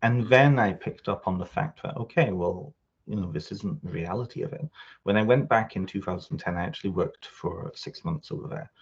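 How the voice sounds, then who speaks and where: A man's voice: fairly low pitch, lively intonation, moderate pace, creaky, slightly rough, dull audio. A man with a Canadian accent, the guest in an interview, talking in a rambling way and searching for words. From England. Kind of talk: reflective interview talk.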